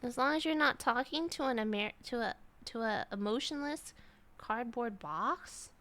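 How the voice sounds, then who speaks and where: A woman's voice: high-pitched, fairly quick, fairly bright tone. A young woman streamer chatting casually with her live chat, rambling with lots of "like" and restarts.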